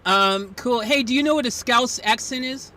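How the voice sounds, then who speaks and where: Speaking at a moderate pace in an extremely high, sharp voice, this man hosts a live stream. He chats and rambles casually, full of fillers and restarts, with noisy hiss behind him.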